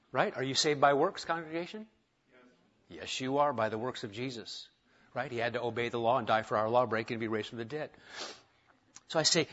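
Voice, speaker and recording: A man preaching a sermon to his congregation, conversational and self-deprecating, moving from quiet asides to emphatic points. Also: fairly high pitch, lo-fi sound. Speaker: pastor. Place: church sanctuary.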